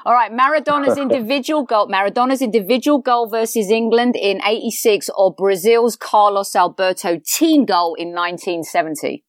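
Woman host, playful, brisk, quiz questions, dry close sound. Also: medium pitch, no room sound. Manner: brisk, playful, calls guest babe. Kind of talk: casual chat, quick-fire quiz.

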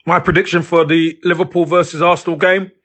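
A man pundit giving an optimistic prediction in a loud, energetic voice message. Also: sits high, a little fast. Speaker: podcast pundit. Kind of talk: recorded voice message.

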